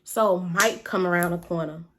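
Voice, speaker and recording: Woman telling a profane, animated story. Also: lowish voice, normal speed, background noise. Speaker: vlogger. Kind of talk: casual storytime.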